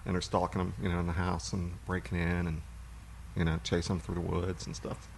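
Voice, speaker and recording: Deep-voiced man rambling about movies. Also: a little fast, vocal fry, slight background noise. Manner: relaxed, rambling storyteller. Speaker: podcast co-host. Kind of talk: casual chat about movies.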